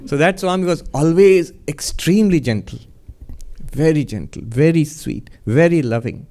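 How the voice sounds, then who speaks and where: A man, a monk, giving a spiritual talk in a gentle, reflective storytelling manner, often chuckling. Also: a little high, moderate pace.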